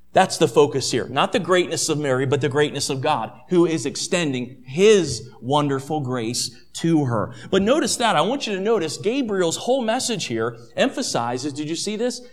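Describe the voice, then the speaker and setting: Man, preacher, high voice, emphatic sermon delivery, repeats his points, speaks to the congregation as friends. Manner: emphatic, repeats key points, addresses listeners as friend and family.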